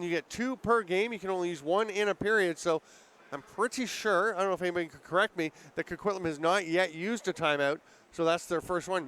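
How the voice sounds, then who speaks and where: A man calling live lacrosse play-by-play from an arena booth, explaining rules and rising sharply in excitement on big plays. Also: high-pitched. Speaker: play-by-play commentator.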